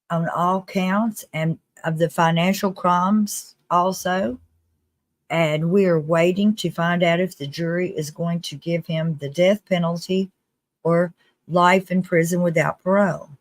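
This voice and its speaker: A live-stream host giving casual commentary in a chatty, earnest way, with restarts and quick laughs. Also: medium pitch, fairly even intonation, no room sound. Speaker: livestream host.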